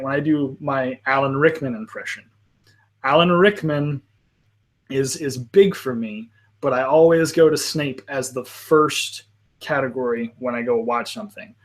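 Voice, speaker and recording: A man hosting a live panel in casual chat, rambling with frequent restarts and quick apologetic asides. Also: medium pitch. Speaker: panel host.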